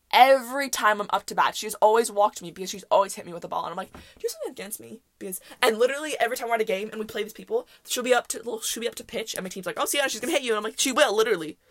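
A woman's voice: on the high side, quick pace, no room sound. A woman hosting a casual solo podcast, telling stories in a rambling way, often correcting herself and laughing. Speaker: podcast host.

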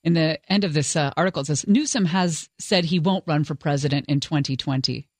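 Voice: medium pitch, fairly quick, no room sound. A talk radio co-host giving wry, exasperated commentary and reading show teasers. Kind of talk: casual talk radio banter. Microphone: studio microphone.

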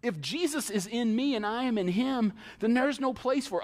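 Male pastor, sermon delivery, high lively voice, church reverb. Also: moderate pace. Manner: animated preaching, mimics excuses in asides. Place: church sanctuary. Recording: long hall reverb.

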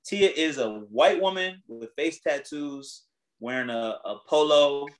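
A man hosting a casual chat, retelling a story in animated, slangy, profane talk. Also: a little high, a little slow, rough recording.

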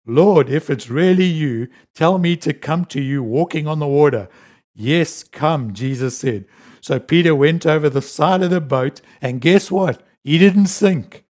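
Animated male preacher, fairly high voice. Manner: animated, rising to emphatic peaks then dropping low; reads scripture aloud between teaching. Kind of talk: sermon.

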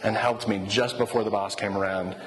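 Speaking briskly in a fairly low voice, this preacher tells his sermon like a casual story, animatedly performing the quoted lines. Faint ambient noise fills the reverberant hall.

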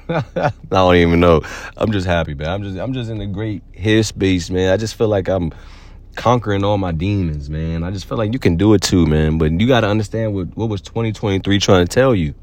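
Low-voiced man giving a loose slangy pep talk. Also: fairly quick, a little mellow. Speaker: podcast host. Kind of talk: casual motivational monologue.

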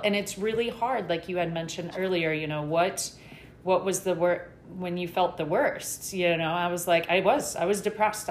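A candid middle-aged woman with a lower voice, speaking earnestly and rambling a little, like a guest in a casual interview. Her voice carries the echo of the room around her. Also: slight background noise.

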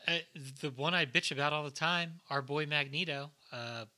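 Man, podcast co-host, very bright tone, casual film chat, loose and profane. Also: fairly high pitch, normal speed. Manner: rambling, swears freely, quotes film lines.

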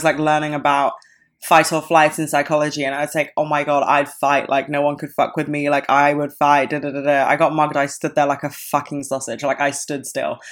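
A young woman in her twenties with a low-pitched voice tells a story on her podcast. She talks casually, swears freely and acts out what everyone said. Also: fairly bright tone. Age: 20s. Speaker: podcast host.

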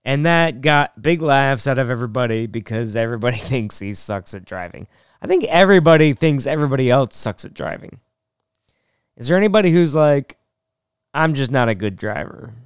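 A man's voice: medium pitch, animated, a little fast, smooth, no echo, clean studio sound. A young man hosting a podcast, telling rambling self-mocking stories and laughing often. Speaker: podcast host. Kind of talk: casual storytelling monologue.

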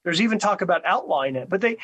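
Husky-voiced man hosting a talk show. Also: high voice, animated, fast, a bit bright, poor audio. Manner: conversational, repeats words, frequent "right?". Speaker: radio talk show host. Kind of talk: monologue commentary.

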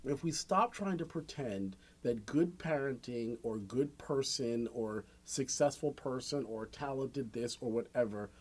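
A man's voice: medium pitch, darkish tone. A man chatting casually on a podcast, telling stories animatedly and acting out quotes, with frequent swearing.

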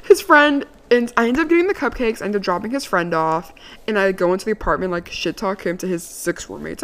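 Brash, profane young woman telling a story. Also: a little fast. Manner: lively, climbs high when indignant. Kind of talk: casual storytelling.

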